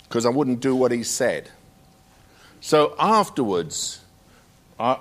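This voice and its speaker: A man's voice: mid-range voice, a bit bright. A man who is a pastor answering in an interview, telling a story in an emphatic, preacherly way with punchy short statements.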